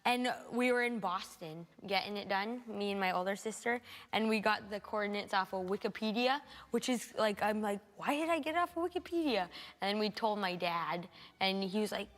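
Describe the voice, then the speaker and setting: A woman from Alaska chats as a talk show guest, rambling and peppering her stories with "like." Her voice sits at a mid pitch, with a long reverb tail from a big hall. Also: steady tone, moderate pace, hardly any pauses, a bit bright. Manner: chatty, lots of "like" fillers, giggly. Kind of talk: casual chat.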